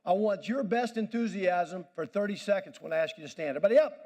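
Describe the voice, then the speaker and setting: A man's voice: high voice, fairly quick, a little mellow. A man giving a motivational speech at a banquet, commanding and pumping up the audience. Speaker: motivational speaker. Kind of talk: energetic crowd-directed speech. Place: banquet hall.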